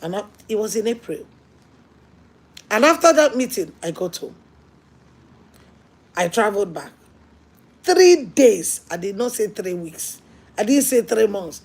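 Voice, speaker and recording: A woman pastor preaching a sermon, telling stories earnestly and swinging between hushed lines and emphatic ones. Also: mid-range voice, lively intonation, normal speed, pauses often, breathy edge.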